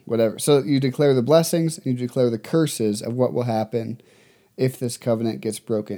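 A man's voice: medium pitch, mellow. A man teaching the Bible in a casual, conversational way, reading passages aloud and then explaining them with loose fillers.

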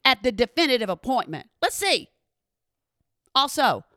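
A woman telling a funny personal story in an animated, exasperated way, talking straight to her listeners. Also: a little high, normal speed, no echo, studio quality. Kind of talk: comedic storytelling monologue.

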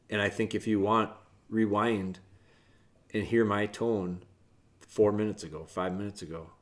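A man hosting a casual podcast from home, talking earnestly and rambling with restarts, often dropping to a soft, quiet voice. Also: low voice. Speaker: podcast host, dog trainer. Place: home, with dogs in the room.

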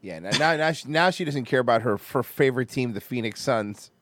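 A man's voice: mid-range voice, expressive, brisk, noisy background. A man hosting a stream, mocking a video he is watching with crude, laughing commentary. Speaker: stream host riffing on a video.

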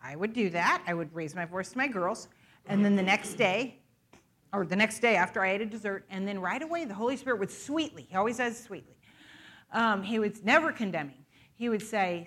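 A woman preaching to a church in a candid, conversational way, quick to laugh at herself as she shares a personal story. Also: medium pitch, animated, pushed and bright. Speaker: guest preacher. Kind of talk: informal sermon with personal testimony. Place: church sanctuary.

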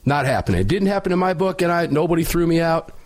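A middle-aged man hosting a talk radio show, telling a story loudly and emphatically with a sinus infection. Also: fairly high pitch, big pitch swings, fast.

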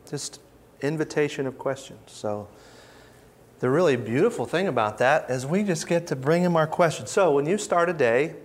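A man giving an informal Bible teaching, conversational and reflective, with pauses and restarts as he reads verses aloud. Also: medium pitch. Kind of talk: informal teaching talk with scripture readings.

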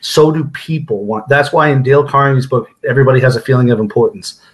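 A man on a podcast as the guest author, laying out his ideas with confidence. He talks quickly in a mid-range voice, hurrying from point to point. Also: medium pitch. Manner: rapid, explanatory, confident. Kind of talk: casual interview chat.

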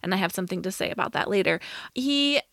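A woman co-hosting a podcast in casual chat, giving firm opinions in a quick, reviewing way. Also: mid-range voice, expressive, creaky, fairly bright tone, no echo, clean studio sound. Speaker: podcast co-host.

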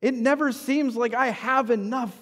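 High-voiced pastor preaching in a reverberant hall. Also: male voice, fairly even intonation, normal speed, fairly bright tone. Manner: conversational preaching with frequent tag questions. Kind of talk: sermon.

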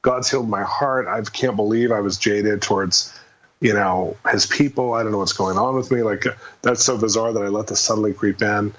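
A man telling a personal faith story in a casual interview, fast and animated, acting out the quotes. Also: lowish voice, highs cut off. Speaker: guest minister.

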